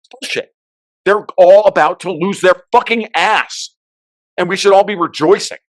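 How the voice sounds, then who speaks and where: A man giving heated, profane market and political commentary as a podcast guest, ranting with sudden loud outbursts. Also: high-pitched, normal speed, no echo. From United States.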